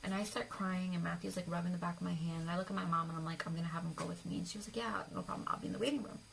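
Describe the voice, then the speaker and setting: Young woman, gravelly, confiding storyteller; soft near-whispers, light background noise. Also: on the low side, steady tone, racing, rough recording. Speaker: vlogger. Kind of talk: personal storytelling to camera.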